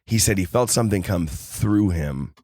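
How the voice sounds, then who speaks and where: A man telling a personal story on a podcast with lively energy, acting out the people in it. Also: low voice, moderate pace, dry recording, studio quality. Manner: animated storyteller acting out quoted voices. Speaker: podcast guest. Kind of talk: casual storytelling.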